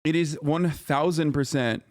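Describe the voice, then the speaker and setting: A man's voice: a little high, steady tone, measured pace, dry recording. A man in his thirties doing live-stream reaction commentary, ranting at his chat in a profane, combative way on a close streaming mic.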